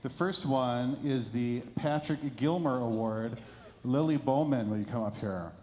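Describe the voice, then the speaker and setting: A man, a band director, giving an award speech in a school performing arts center, halting with emotion as he reads prepared remarks. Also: mid-range voice, big-room sound, noisy background.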